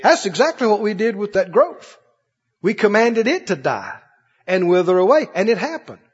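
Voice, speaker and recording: Preacher with a lively, soaring voice. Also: male voice, moderate pace, slightly rough. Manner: preacherly call-and-response, swinging from loud high cries to low murmurs. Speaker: pastor. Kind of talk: sermon. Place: large church hall. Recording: muffled recording with long hall reverb.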